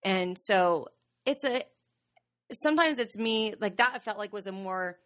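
A woman's voice: medium pitch, animated, unhurried, a bit bright. Thirties woman, podcast co-host, candid and confessional delivery. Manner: earnest, confessional storytelling.

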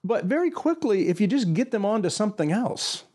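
A man's voice: high-pitched, big pitch swings, fairly quick, darkish tone, breathy edge. An older man hosting a faith conversation, earnest and reflective, often restarting his sentences as he thinks aloud.

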